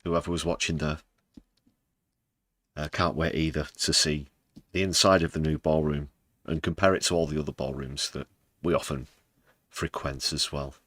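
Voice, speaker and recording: A man's voice: very deep voice, steady tone, moderate pace, long pauses, fairly bright tone, dry recording. A British man hosting a live news stream, dry and sarcastic, sometimes putting on mock emotion. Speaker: livestream news host. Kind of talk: casual live news commentary.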